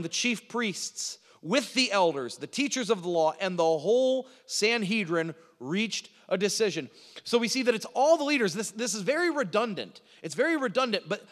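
A male preacher with a high voice teaching through a scripture passage, hammering his points home by repeating phrases. He often stumbles and restarts his words mid-sentence. His voice rings with a long hall reverb. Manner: emphatic repetition, frequent stuttered restarts. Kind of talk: expository sermon.

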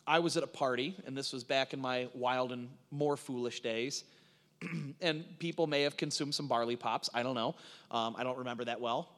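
A middle-aged man preaching a sermon as a pastor, telling stories in an animated way with frequent restarts. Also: fairly high pitch. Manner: animated storytelling with repeated restarts. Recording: long reverb of a large hall.

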